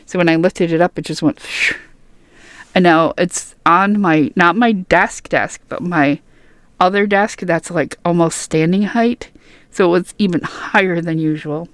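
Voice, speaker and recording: A woman's voice: fairly low pitch, a little slow, no echo. A young woman reading game patch notes aloud and rambling between them in casual, chatty commentary full of fillers and restarts. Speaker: gaming YouTuber.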